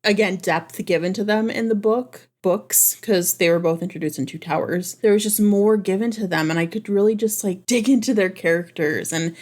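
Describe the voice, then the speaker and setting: An enthusiastic woman vlogs about books in a loose, chatty way. Her pitch sits in the middle range, and she gushes freely, scattering "like" and "oh my gosh" through her talk. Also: moderate pace, few pauses, darkish tone. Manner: gushing and enthusiastic, lots of "like" and "oh my gosh". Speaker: book vlogger. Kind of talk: casual chat to camera.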